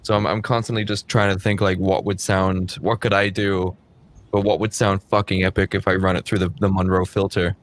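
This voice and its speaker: A man's voice: low-pitched, little pitch movement, a little fast. A man guest talking loosely in casual chat, swearing offhandedly. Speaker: guest band member.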